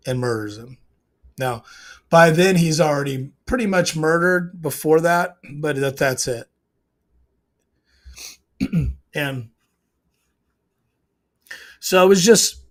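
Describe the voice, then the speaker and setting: A man hosting his own show, recapping a TV episode in a rambling, emotional way, often clearing his throat. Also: mid-range voice, fairly bright tone. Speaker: show host.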